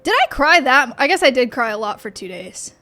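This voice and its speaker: A woman's voice: high voice, big pitch swings, brisk, pushed and bright, soft background music. A young woman streaming from her home office, chatting with her viewers in a rambling way full of fillers and restarts. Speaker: livestreamer. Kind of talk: casual chat with stream chat.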